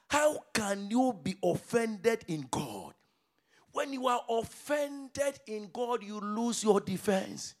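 Male pastor, gravelly edge, hugely animated pitch; fervent sermon with call-and-response, loud bursts and hushed asides. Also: slow pace. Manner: fervent preaching that swings between shouts and low murmurs, with call-and-response.

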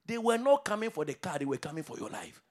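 A man preaching a sermon as pastor, with fervent call-and-response delivery that swings between shouted declarations and low murmurs. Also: big pitch swings, fast.

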